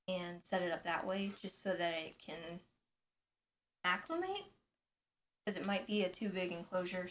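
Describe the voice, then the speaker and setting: A woman in her late twenties chatting casually on a live stream at home into a boom microphone, relaxed and full of ums. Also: a little hiss or hum. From United States. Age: late 20s.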